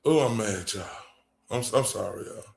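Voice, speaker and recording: A man's voice: fairly low pitch, expressive, moderate pace, creaky. A man ranting angrily in profane, mocking commentary. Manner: angry, profane, mocking rant.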